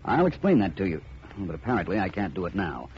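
A suave gentleman detective speaks urbanely and with a dry wit. His lowish voice swings with lively intonation, and the recording is a muffled old radio broadcast. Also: fast talker, slight background noise. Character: suave male gentleman detective, cool and wry. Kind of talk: 1940s radio acting.

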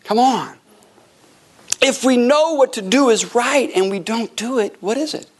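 A middle-aged man preaching a sermon, telling stories and acting out voices in a jokey, animated way. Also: very high-pitched, a little slow. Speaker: pastor. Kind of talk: lively sermon with storytelling.

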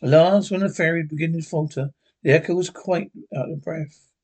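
A man's voice: on the high side, normal speed, darkish tone. A man reading a classic horror story aloud, with small slips and restarts as he goes. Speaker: narrator.

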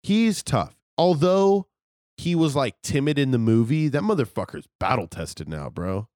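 A man's voice: a little slow, no echo, studio quality. A man co-hosting a casual film podcast, laid-back and profane, his voice swinging up and down as he talks. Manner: laid-back, swears, lively swings in pitch. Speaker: podcast co-host. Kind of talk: casual chat.

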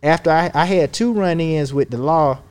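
A man's voice: on the high side, normal speed, a little mellow, smooth. A man from Georgia with a Southern accent, a guest casually telling stories in a slangy, laid-back way. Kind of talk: casual conversational storytelling.

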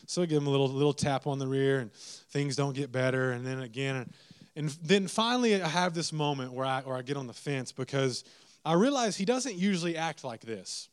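A man's voice: on the high side, fairly quick, clear, resonant tone. A young adult man preaching, telling a self-mocking family story with acted-out quotes. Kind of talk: storytelling sermon.

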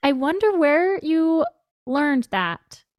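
A woman's voice: sits high, very animated, slow pace, no room sound. Woman, podcast host, effusive, empathetic, dry close sound. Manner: warm, effusive, empathetic reflections. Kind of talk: interview conversation.

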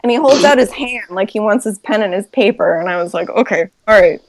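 A woman telling a story on a podcast, animated and laughing often as she goes. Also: medium pitch, a little fast. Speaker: guest storyteller. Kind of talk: casual podcast chat.

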